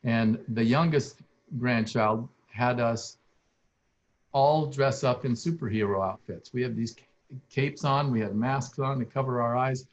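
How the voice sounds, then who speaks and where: A man's voice: medium pitch, measured pace. Older guy getting teary telling garden stories, kinda rambly, dull muffled video call sound. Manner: emotional, rambling, with frequent restarts. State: tearful. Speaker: guest speaker, landscape architect. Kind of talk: heartfelt personal storytelling.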